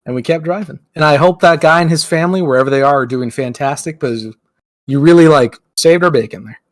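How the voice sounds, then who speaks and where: A man's voice: a little high, quick pace, no room sound. A young man, a podcast co-host, telling a long story in casual chat, rambling with lots of fillers and acting out what people said. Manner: rambling, lots of "like", acts out quotes.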